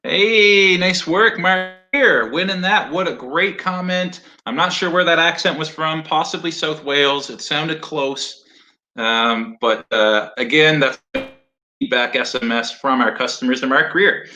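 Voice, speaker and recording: A man co-hosts a laid-back virtual award show over a video call, his voice a little high and sharp in tone. He speaks at a measured pace, jokey and upbeat, with plenty of loose fillers.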